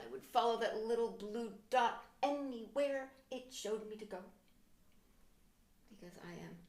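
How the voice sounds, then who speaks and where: A middle-aged woman performing a stand-up comedy monologue, theatrical, with sudden hushed whispers and mock outbursts. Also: mid-range voice. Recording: roomy echo.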